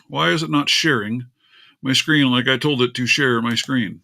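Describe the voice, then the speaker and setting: A man's voice: mid-range voice, steady tone, moderate pace, gravelly, pushed and bright. A man hosting a casual live stream, chatting and grumbling aloud while his screen share fails. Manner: chatty, grumbling at tech trouble, talks to his cat. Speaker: livestream host.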